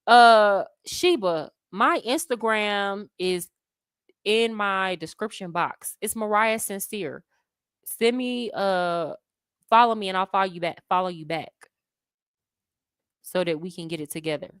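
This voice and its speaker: Woman, from the US, casual livestream host, slangy, animated, mid-pitched, dry sound. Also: measured pace, clean tone, no echo. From United States. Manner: animated, slangy, laughs often, talks straight to viewers as "y'all". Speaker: expat travel livestream host. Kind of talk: casual livestream chat, answering viewer comments. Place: Colombia, living abroad.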